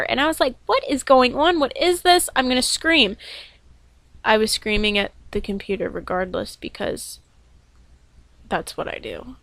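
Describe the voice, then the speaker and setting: A young woman recapping a wrestling show in a casual, excited vlog, rambling and self-deprecating with lots of fillers and restarts. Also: a little high, clear, resonant tone, dry recording. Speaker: wrestling fan vlogger reviewing a show.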